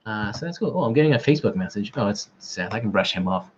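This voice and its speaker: A man hosting a trivia night over a livestream, rambling and poking fun at himself between answers. His pitch swings up and down a lot. The audio is dull and lo-fi. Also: expressive, quick pace, a little hiss or hum. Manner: joking, rambling, self-deprecating. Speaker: quiz host. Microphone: camera mic.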